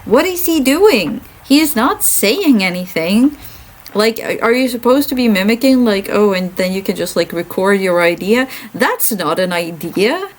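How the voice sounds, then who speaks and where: A tired woman streamer who is a classical musician, chatting casually and venting in a rambling, animated way while playing a game. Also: medium pitch, moderate pace, poor audio.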